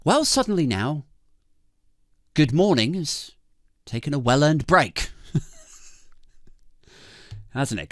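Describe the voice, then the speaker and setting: Animated British man ranting sarcastically. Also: takes it slowly, pauses often, no echo, clean studio sound. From Britain. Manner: sarcastic, swearing, laughing often, swooping pitch. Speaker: podcast co-host. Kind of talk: comedic podcast rant.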